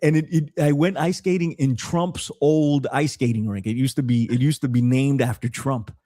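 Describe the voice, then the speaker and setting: A man's voice: medium pitch, steady tone, normal speed, dark tone, no room sound, clean studio sound. A man from the Bronx with a New York accent, chatting casually and animatedly on a podcast, swearing freely and often repeating words. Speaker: podcast guest. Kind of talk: casual chat.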